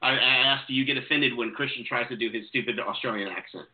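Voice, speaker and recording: A man hosting a call-in show, talking quickly and excitably with stumbling restarts, over tinny phone-like audio. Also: medium pitch. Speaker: show host taking calls. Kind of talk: casual call-in chat.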